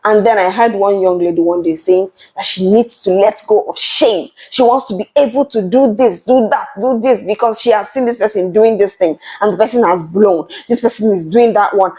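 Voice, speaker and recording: A young woman gives an earnest monologue to camera. Her voice sits mid-height and mellow, with no sharp edge. She speaks with passion and emphasis, often circling back over the same words as she drives her argument. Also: mid-range voice, moderate pace, hardly any pauses, rough recording. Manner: passionate, emphatic, repeats words while building a point. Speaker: channel host. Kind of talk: earnest talk-to-camera commentary.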